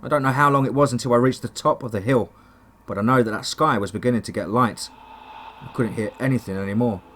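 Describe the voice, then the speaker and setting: A man's voice: medium pitch, fast talker, a bit bright. A man narrating a first-person horror story in a dramatic, tense storytelling manner.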